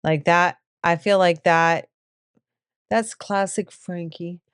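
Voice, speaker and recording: Young woman co-host, lowish smooth voice, playful casual chat, dry close sound. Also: steady tone, no echo. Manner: playful, giggly, quick asides.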